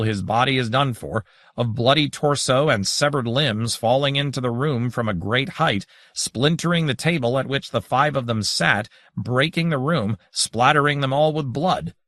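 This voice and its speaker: A man reading an audiobook aloud in measured, dramatic scripted narration. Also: mid-range voice, fairly bright tone, no echo.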